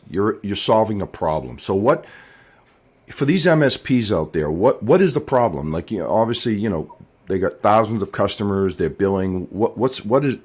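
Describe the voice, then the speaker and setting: Low-voiced man hosting a podcast. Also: breathy edge. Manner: relaxed, rambling questions with many fillers and restarts. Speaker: podcast host. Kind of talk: casual interview chat.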